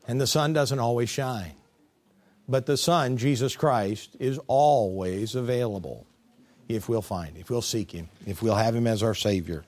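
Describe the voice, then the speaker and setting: A male pastor preaching an animated, humorous sermon, acting out quotes and cartoon voices. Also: medium pitch.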